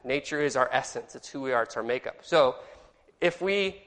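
A man's voice: mid-range voice, animated, moderate pace, a bit bright. A man teaching a Sunday school class, chatty and joking, asking the group questions. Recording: long reverb in a hall.

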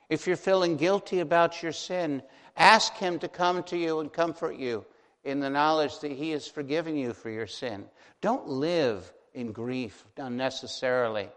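A man preaching a sermon as a pastor, earnest and gentle, slowing down to stress key phrases. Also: on the high side. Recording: long hall reverb.

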